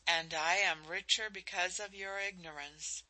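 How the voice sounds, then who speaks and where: A woman reading the part of a lovestruck young man who speaks softly and earnestly. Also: lowish voice, fairly even intonation, unhurried, exaggerated voice, poor audio. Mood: tender. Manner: soft, earnest pleading.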